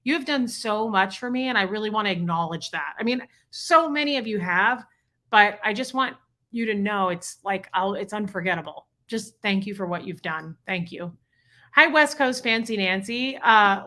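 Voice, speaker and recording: Female streamer, crisp bright voice, gushing casual chat with her viewers. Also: mid-range voice, expressive, normal speed. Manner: chatty, greets viewers by name, gushing. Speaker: livestream host reading chat.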